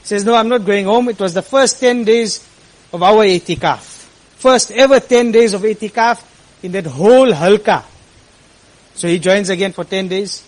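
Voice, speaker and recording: Man, imam, sermon storytelling, earnest, impassioned climbs, fairly high voice. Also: moderate pace, low-quality recording.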